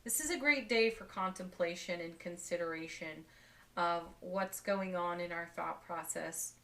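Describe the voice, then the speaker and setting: A woman giving a daily tarot card reading, speaking softly and warmly with gentle enthusiasm and frequent light laughs. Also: on the low side. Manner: soft, spiritual, gently enthusiastic, laughs often.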